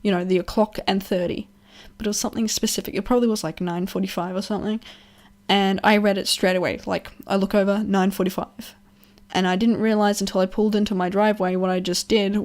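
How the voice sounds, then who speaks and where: A woman's voice: mid-range voice, level tone, fairly quick, darkish tone. A young woman telling a personal story in a casual vlog, rambling, swearing freely, laughing often and acting out what others said. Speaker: vlogger.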